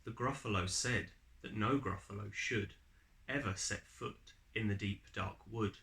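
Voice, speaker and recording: A man reading a rhyming picture book aloud with an expressive, rhythmic delivery. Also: on the low side, a little slow, creaky. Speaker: storyteller.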